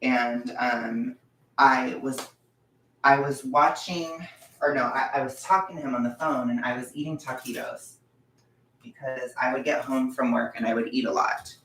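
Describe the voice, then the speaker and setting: A man's voice: medium pitch, steady tone, normal speed, sharp tone, roomy sound, far from the mic, slight background noise. A young man vlogger telling a personal story in casual chat, rambling with lots of fillers like "like" and "blah, blah.".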